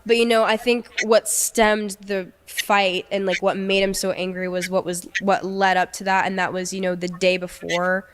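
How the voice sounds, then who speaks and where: A young woman recounting a painful personal story, halting and emotional, restarting often. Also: medium pitch, level tone, long reverb tail, a little hiss or hum. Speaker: storyteller in a played video.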